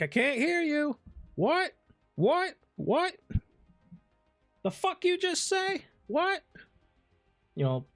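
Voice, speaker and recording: A man casually commenting on his gameplay, swearing often and telling stories with lots of energy. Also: fairly high pitch. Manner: profane, animated storytelling. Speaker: gaming streamer.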